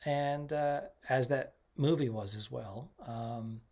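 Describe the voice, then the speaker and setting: Male comedian and co-host, mid-pitched, unhurried casual chat, hesitant delivery. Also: darkish tone. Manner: easygoing, hesitant, many ums. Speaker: touring comedian, podcast co-host.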